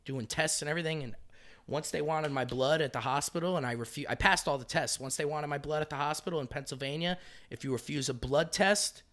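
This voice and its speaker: A male comedian telling animated, profane stories as a podcast guest, acting out what other people said. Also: a little high, fairly quick. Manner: animated, profane, acts out quotes in voices. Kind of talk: casual podcast storytelling.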